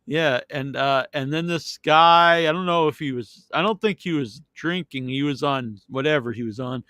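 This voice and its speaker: Rambling higher-voiced man telling stories. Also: moderate pace, bright, forceful tone, clean tone, dry recording, clean studio sound. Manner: rambling anecdotes with many restarts. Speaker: podcast host. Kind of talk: casual chat, storytelling.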